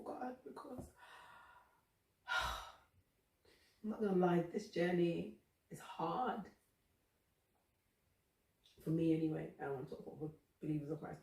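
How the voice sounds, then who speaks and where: A woman's voice: deep voice, a little mellow. Earnest woman in an echoey room. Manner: earnest, emotional, confessional. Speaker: faith podcast host. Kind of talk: candid personal faith reflection. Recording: roomy echo, distant from the mic.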